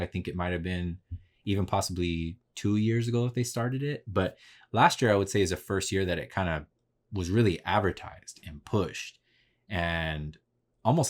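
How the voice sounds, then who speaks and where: A man hosting a podcast, telling a story in a casual, slangy, profane way and replaying his own conversations. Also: low-pitched. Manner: laid-back, slangy and profane, retelling conversations. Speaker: podcast host.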